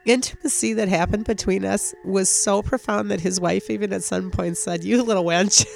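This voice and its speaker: A woman, an energy healer being interviewed, tells a personal story in a heartfelt, halting way, close to tears and full of fillers. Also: on the low side, creaky, darkish tone.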